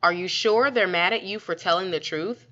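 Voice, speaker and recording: A woman voicing a gentle, patient mother who speaks soothingly. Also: on the low side, normal speed. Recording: dull lo-fi recording.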